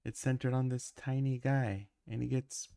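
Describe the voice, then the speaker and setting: A man's voice: mid-range voice, fairly even intonation, normal speed, creaky, dark tone, dry recording. A man who is sick with a cough, chatting casually while he livestreams his animation work and rambling with lots of ums and uhs.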